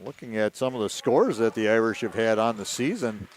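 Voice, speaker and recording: A man's voice: fairly low pitch, lively intonation, a little fast, a little hiss or hum. A man who was once a coach, giving color commentary on a basketball game, rambling with restarts. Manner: rambling with many restarts and stumbles.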